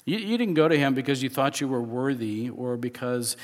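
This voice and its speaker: A man's voice: medium pitch, lively intonation, brisk, in a large hall. A man preaching a sermon in a conversational way, often restarting and chuckling as he explains scripture. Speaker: pastor.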